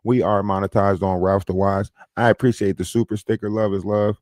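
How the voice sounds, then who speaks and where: A man's voice: fairly low pitch, level tone, a little fast, a little mellow, no echo, studio quality. A man hosting a live stream, ranting emphatically and repeating his points with "right?" tags. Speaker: livestream host. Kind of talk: heated live-stream rant.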